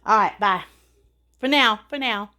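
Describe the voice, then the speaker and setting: A woman's voice: mid-range voice, a little slow, sharp tone. A middle-aged woman chatting casually to her vlog viewers, rambling and laughing through her frustration. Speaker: vlogger.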